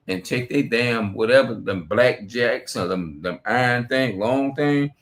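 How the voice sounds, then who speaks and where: A man's voice: fairly low pitch, fairly bright tone. A man giving a rambling, profane religious monologue on a stream, reading scripture aloud between his remarks. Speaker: street preacher.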